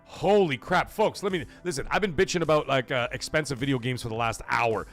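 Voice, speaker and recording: A man's voice: mid-range voice, fairly quick, soft background music. A man hosting a gaming livestream, talking to chat in an emphatic, blunt way with swearing. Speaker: gaming show host.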